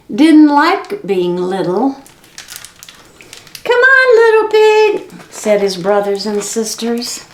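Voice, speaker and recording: A woman's voice: on the high side, reverberant. A woman reading picture books and singing animal songs for preschoolers at a library story time, playful and sing-song. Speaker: children's librarian. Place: library room.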